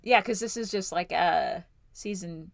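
A woman co-hosting a casual podcast, rambling through her thoughts with plenty of hesitation. She laughs easily and keeps a relaxed, conversational flow. The recording is dry and close, with no room sound. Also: on the low side, a little slow, gravelly, no echo. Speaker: podcast co-host. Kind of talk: casual chat.

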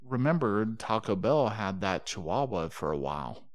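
A man's voice: lowish voice, very animated, normal speed. A man co-hosting a podcast, joking and riffing in casual chat. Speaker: podcast co-host.

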